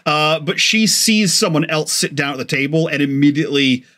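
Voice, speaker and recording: Casting: man with a slightly high voice, game master narrating a tabletop session, halting delivery. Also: bright, forceful tone. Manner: hesitant, many filler ums and uhs.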